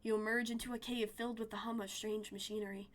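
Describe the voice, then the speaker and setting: A woman streamer reading a narrative game aloud in an expressive, storytelling way. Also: mid-range voice, fast.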